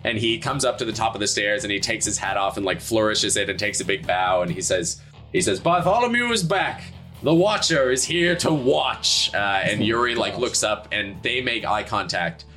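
A man's voice: fairly low pitch, fairly even intonation, fairly quick, few pauses, sharp tone, soft background music. A man acting as dungeon master and host, narrating a tabletop game in a loose, chatty way with jokes and fillers.

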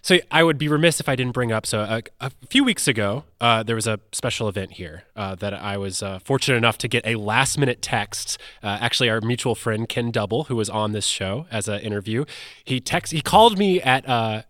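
A man's voice: mid-range voice, a little fast, a bit bright, dry recording. A man with a mid-range voice hosts an interview podcast. He tells a story casually, with plenty of "uh"s and easy laughter. His voice is recorded dry and close. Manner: chatty storytelling with fillers and laughs. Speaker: podcast host. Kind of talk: conversational interview.

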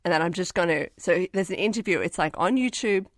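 Woman, podcast co-host, animated, swearing, dry close recording. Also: on the low side, fast, dry recording. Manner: animated, swearing, laughing, acts out quotes. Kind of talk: casual movie-review chat.

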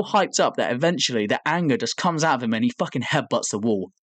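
A man's voice: mid-range voice, fast talker, few pauses. A young man, a podcast co-host, telling a story in casual chat, swearing often and acting out the lines of the people he talks about. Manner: animated storytelling, swears a lot, acts out quotes.

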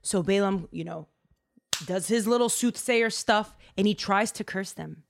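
A woman retelling a story in loose, casual slang and piling on fillers like "like" and "um." She is animated and keeps her listeners hooked. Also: medium pitch, unhurried, gravelly.

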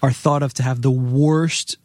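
A man in casual chat, talking with lively emphasis and frequent restarts. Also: medium pitch, measured pace, dry recording. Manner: animated, many restarts.

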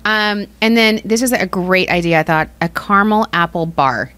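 A woman's voice: fairly low pitch, moderate pace, dry recording. Chatty woman. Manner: chatty, self-deprecating, animated storytelling. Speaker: podcast co-host. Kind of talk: casual chat.

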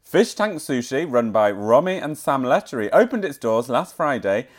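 A woman reads out local news stories in a loose, giggly way, and her pitch swings widely as she goes. She keeps slipping in playful asides and jokes as she reads. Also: very animated, moderate pace. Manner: giggly, breaks into put-on voices and playful asides. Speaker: podcast co-host. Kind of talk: casual chat, reading news stories aloud.

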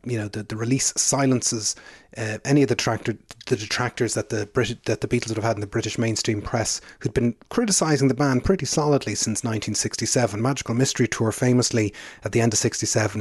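A man co-hosting a podcast talks in a loose, rambling way, full of "um" and "you know" asides. His voice sits at an ordinary middle pitch. The sound is dry and close, with no room around it. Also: husky, dry recording. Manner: rambling, frequent fillers and asides. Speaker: podcast co-host. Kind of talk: casual chat.

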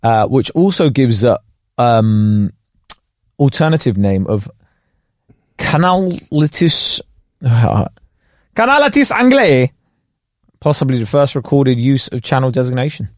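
A man's voice: medium pitch, big pitch swings, a little slow, long pauses, dry recording, studio quality. A man co-hosting a podcast, explaining facts in a chatty, joking way. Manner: explains facts with jokey asides. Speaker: podcast co-host. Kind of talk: casual comedic chat.

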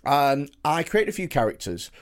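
A man's voice: on the high side, sing-song, moderate pace. A man co-hosting a comedy podcast, telling a rambling story in casual chat with many restarts. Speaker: podcast co-host.

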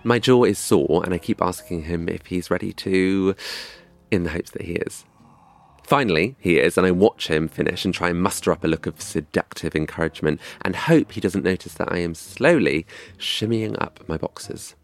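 A man's voice: deep voice, normal speed, vocal fry, soft background music. A young man from England telling a scripted comic story in a wry, dry, self-mocking way. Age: young adult.

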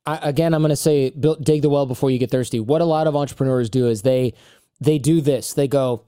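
A man's voice: on the high side, a little fast, dry recording, clean studio sound. A man in his thirties, a guest on a podcast, chatting casually and acting out quotes as he tells stories. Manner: animated storyteller who acts out quotes. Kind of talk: casual interview chat.

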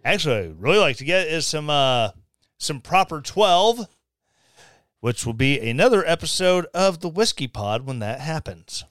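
A man's voice: on the high side, very animated, normal speed, a bit bright, no room sound. A man hosting a podcast, reading a news article aloud and breaking in with sarcastic, mocking asides. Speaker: podcast host. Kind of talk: casual commentary.

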